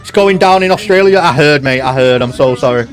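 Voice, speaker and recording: A man's voice: fairly high pitch, a little fast. A young man live-streaming from home, chatting loosely and reading out viewer comments. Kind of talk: casual live-stream chat.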